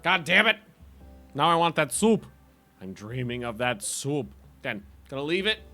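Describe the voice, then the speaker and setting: A man's voice: a little high, very animated, unhurried, pushed and bright, soft background music. A man casually chatting with viewers while streaming a game, rambling and laughing often.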